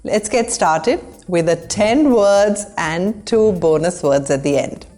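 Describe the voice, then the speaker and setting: A woman presenting a pronunciation lesson, saying each model word slowly and carefully. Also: fairly low pitch, animated, warm tone, soft background music. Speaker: English pronunciation teacher. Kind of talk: scripted lesson to camera.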